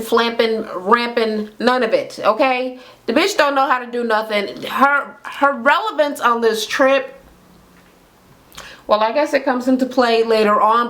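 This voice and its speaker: A woman's voice: a little high, fairly bright tone. Sassy, profane woman vlogger. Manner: sassy, profane, mocking impressions. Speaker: reality TV recap vlogger. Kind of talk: casual recap rant. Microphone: camera mic.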